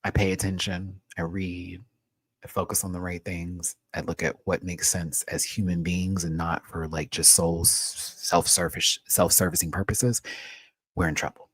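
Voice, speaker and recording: A man hosting a casual livestream, talking in a sassy, slangy way that swings from hushed asides to loud, emphatic pleas. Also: sits low, level tone, moderate pace, husky, dry recording. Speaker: host.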